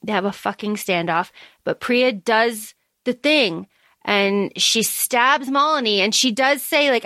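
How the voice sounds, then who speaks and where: Female podcast co-host, fairly high pitch, dry close sound; excitable and profane, casual book recap. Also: measured pace, dry recording. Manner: excited, swears freely, acts out quotes.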